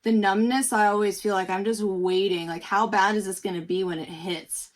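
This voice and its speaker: A woman's voice: medium pitch, steady tone, normal speed. Reflective woman sharing on a panel. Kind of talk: personal sharing in a panel chat.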